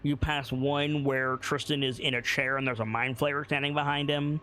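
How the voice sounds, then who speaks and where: A man narrating as game master of a tabletop game, building the scene slowly, detail by detail. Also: medium pitch, little pitch movement, bright, forceful tone. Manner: slow, descriptive, builds scenes piece by piece.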